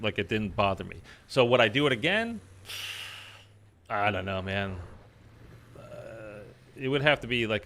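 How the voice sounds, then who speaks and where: Bright-voiced rambling male storyteller. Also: mid-range voice. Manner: rambling, many fillers, acts out quotes loudly. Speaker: streamer. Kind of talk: casual storytelling chat. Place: in Los Angeles.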